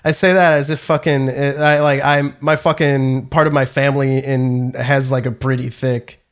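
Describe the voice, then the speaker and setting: A man's voice: mid-range voice, level tone, normal speed, smooth. A man co-hosting a podcast, talking in loose, rambling movie chat and swearing often. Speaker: podcast co-host.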